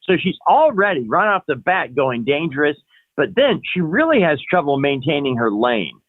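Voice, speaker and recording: A man calling in as a panel guest on a news show, explaining events in a steady way. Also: on the high side, normal speed, no echo. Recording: tinny phone line.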